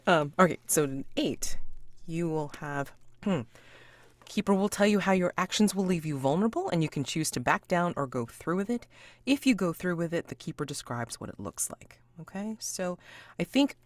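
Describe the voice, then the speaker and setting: A woman narrating a tabletop mystery game as its game master, in a relaxed, chatty way with frequent fillers. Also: fairly low pitch, moderate pace, no room sound.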